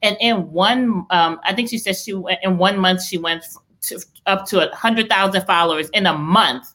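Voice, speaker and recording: A woman's voice: medium pitch, moderate pace, pushed and bright. A young woman hosting a podcast, chatting eagerly about faith and business with lots of restarts. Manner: enthusiastic, faith-filled, rambling with restarts. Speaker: podcast host. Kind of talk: casual live-stream chat.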